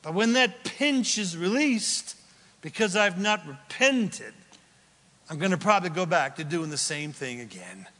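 A man preaching a sermon in a high voice, taking his time over each phrase. He swings from loud, emphatic declarations down to hushed, almost whispered lines. The sound rings with long reverb from a large church hall. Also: big pitch swings, unhurried. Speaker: pastor.

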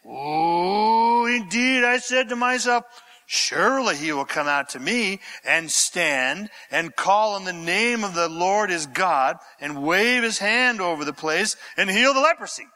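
A man's voice: high voice, expressive, a little slow, bright, forceful tone, big-room sound, heavily acted. A man voicing a proud, pompous army commander who blusters in indignation. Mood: indignant.

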